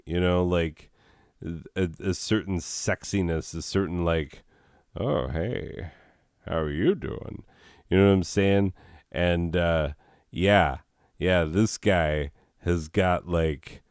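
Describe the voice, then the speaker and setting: A man's voice: deep voice, a little mellow, smooth, dry recording, clean studio sound. A man hosting a game playthrough, reading the game's text aloud and adding rambling, sarcastic asides. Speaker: let's play host.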